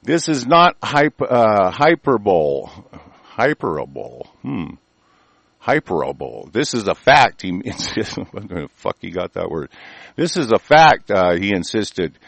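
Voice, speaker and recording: A man's voice: fairly low pitch, expressive, a little slow, creaky, fairly bright tone, dry recording. A man ranting on air, angry and profane, rambling with many restarts. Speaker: host reading and ranting on air.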